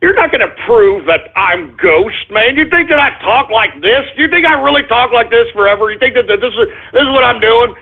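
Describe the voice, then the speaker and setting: With an extremely high pitch, this man speaks briskly and animatedly, barely pausing. He's hosting an internet radio show, berating listeners in an exasperated call-in rant full of swearing, all heard through tinny phone-line sound.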